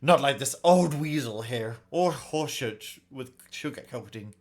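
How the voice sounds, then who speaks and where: A man voicing an angry, rude male wolf bandit in a game, talking brashly and loudly. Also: mid-range voice, expressive, a little slow, lightly acted. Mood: scornful. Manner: brash, shouting, swearing.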